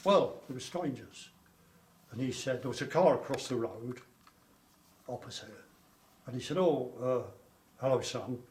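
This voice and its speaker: This older man is animated as he recounts his wartime childhood, speaking at normal speed in a mid-range voice and leaving long pauses. It's an oral history interview, told in a rambling way with repetitions, in an echoey room with faint background noise.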